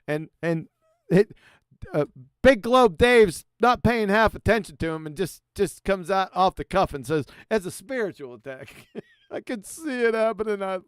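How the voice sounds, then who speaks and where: A man hosting a casual live panel chat, animated and mocking, laughing often. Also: high voice, a little slow, clean tone, no echo, clean studio sound. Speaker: stream host.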